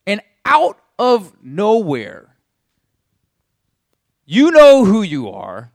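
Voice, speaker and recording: This pastor delivers his sermon as lively second-person storytelling, speaking straight to his listeners as he narrates vividly. He talks slowly in a high, creaky voice, pausing often. The sound is dry and clean, recorded in a studio.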